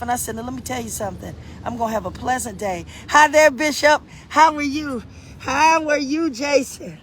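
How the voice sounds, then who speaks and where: A middle-aged woman with a high voice chats live from her garden, greeting viewers by name and repeating her points in a preacherly rhythm. Her animated talk carries over faint outdoor noise and the odd passing car. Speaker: live-stream host. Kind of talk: casual live-stream chat while gardening.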